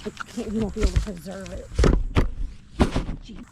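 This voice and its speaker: A woman vlogging casually while digging in her garden outdoors, chatty and quick to laugh. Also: medium pitch, fairly even intonation. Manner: chatty and easily delighted, laughs often. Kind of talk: casual chat while working. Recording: outdoor recording with clear background noise.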